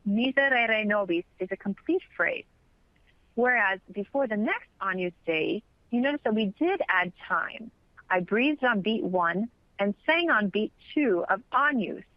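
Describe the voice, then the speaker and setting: A woman teaching chant in an instructional webinar, explaining patiently and clearly. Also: a little high, dry recording, highs cut off. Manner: clear, patient explaining, sings brief examples.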